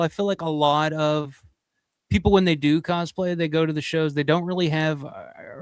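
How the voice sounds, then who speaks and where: A man's voice: on the high side, clear, resonant tone, no room sound. A man hosting a casual live-stream chat, talking loosely with lots of swearing and fillers like "like" and "you know". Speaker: host.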